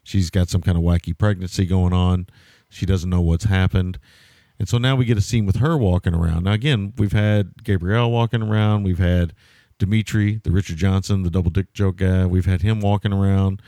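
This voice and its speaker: A man co-hosting a podcast, retelling a movie scene in a rambling, animated way. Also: low-pitched, fairly quick, dry recording. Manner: rambling, animated storytelling with swearing. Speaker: podcast co-host. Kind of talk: casual movie review chat.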